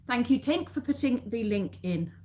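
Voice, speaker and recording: A woman's voice: a little high, lively intonation, moderate pace, darkish tone, a little hiss or hum. Chatty English woman rambling on a live stream. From England. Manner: rambling, chatty, self-correcting. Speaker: vlogger chatting with live viewers. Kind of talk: casual live-stream chat.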